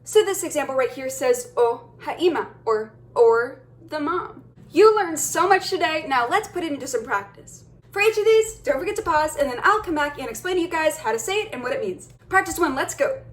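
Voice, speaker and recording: A woman's voice: high voice, expressive, moderate pace, hardly any pauses. A young woman teaching a casual video language lesson, upbeat and encouraging, talking straight to her viewers.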